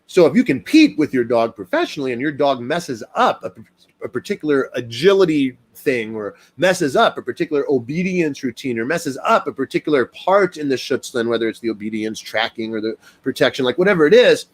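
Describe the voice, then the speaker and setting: A man hosting a casual live stream as a dog trainer, talking to viewers in an animated, fired-up way with plenty of fillers. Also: mid-range voice, fairly quick.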